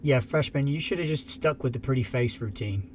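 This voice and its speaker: A man voicing a gruff, put-upon middle-aged male mining security chief who swears freely. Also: medium pitch, brisk, slight background noise, close to an everyday voice. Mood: sardonic.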